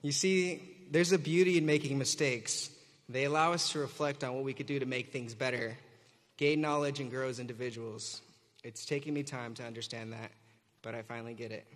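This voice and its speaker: A man's voice: mid-range voice, steady tone, a little fast. A young man, a graduating student teacher, gives a joking and earnest commencement speech at a podium microphone. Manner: joking, warm and earnest, leads audience cheer. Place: large hall. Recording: reverberant auditorium.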